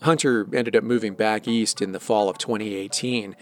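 A man with a fairly low voice reads a scripted documentary narration. His delivery is measured and even, and soft music plays faintly behind him.

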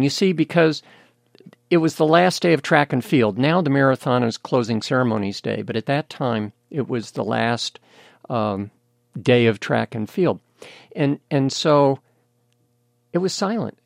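An older man from the United States speaks as an interview guest, with a gravelly, creaky edge to his mid-pitched voice. He tells his story candidly and steadily, recorded close and dry. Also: moderate pace, no room sound. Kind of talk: interview conversation.

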